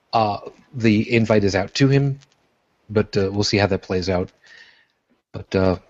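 A man hosting a podcast in casual chat, joking and self-deprecating as he rambles. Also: fairly low pitch. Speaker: podcast host. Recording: dull lo-fi podcast audio.

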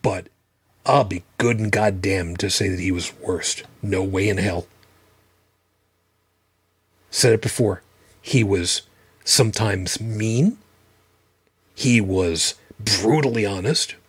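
A man with a husky, slightly breathy voice hosts a livestream in plain, profane, emphatic talk. His words land dry and close, with no room around them. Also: lowish voice, takes it slowly, long pauses, dry recording. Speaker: podcast host.

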